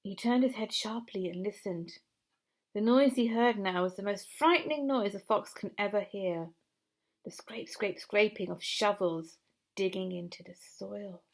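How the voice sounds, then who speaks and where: Gentle, gravelly-voiced woman storyteller. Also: medium pitch, measured pace. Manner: gentle, expressive, chatting aside to a puppet. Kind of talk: children's story reading.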